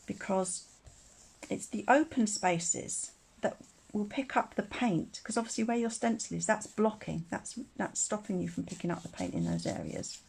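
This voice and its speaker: A woman's voice: mid-range voice, very animated, moderate pace, creaky, a little mellow, husky. Chatty woman demonstrating crafts. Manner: chatty, rambling asides, laughs often. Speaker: craft tutor. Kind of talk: casual live craft demonstration.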